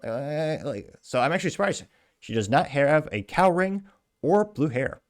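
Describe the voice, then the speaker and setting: A man's voice: a little high, very animated, normal speed. A man hosting a commentary podcast, reading out news and comments with sarcastic, wry asides. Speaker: podcast host.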